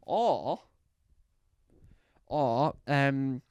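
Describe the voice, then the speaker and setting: A man's voice: medium pitch, animated, extremely slow, darkish tone, clean tone, dry recording. A man doing a rambling, playful stand-up routine on a comedy club stage, with lots of fillers and restarts.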